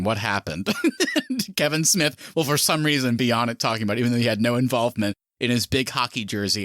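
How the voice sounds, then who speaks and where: A man co-hosting a casual movie podcast, animated, with quick asides and voiced reactions. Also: medium pitch, no echo, studio quality. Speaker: podcast co-host.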